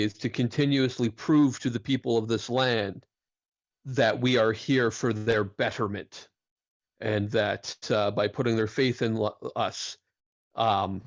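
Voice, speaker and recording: A man roleplaying at a tabletop game, giving an earnest, measured speech in character. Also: on the low side, fairly even intonation, no echo.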